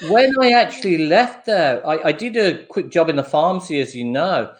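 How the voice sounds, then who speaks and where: A man's voice: a little high, animated, moderate pace. Chatty older man on a livestream. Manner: chatty storytelling with laughs. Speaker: livestream host. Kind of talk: casual chat.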